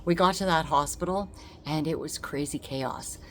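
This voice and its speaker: A woman telling a personal story to camera, animated and emphatic, acting out the dialogue and repeating words for effect. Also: low-pitched, normal speed, a little hiss or hum. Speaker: vlogger.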